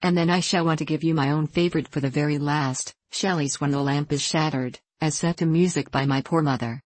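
A woman reading the part of an eager, gentle young woman. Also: low-pitched, steady tone, a little fast, dry recording.

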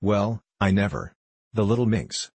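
A man's voice: fairly low pitch, expressive, unhurried, darkish tone, breathy edge, no room sound, exaggerated voice. A man reading the part of a flustered, genteel middle-aged lady who talks primly and grows exasperated. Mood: indignant. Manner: prim, increasingly exasperated.

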